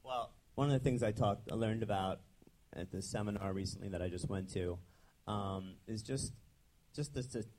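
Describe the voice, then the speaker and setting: A young man with a very deep, low-pitched voice speaks as a chiropractor guest in a relaxed interview. He talks casually and loosely, with frequent ums and restarts. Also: normal speed, slight background noise. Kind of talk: conversational interview.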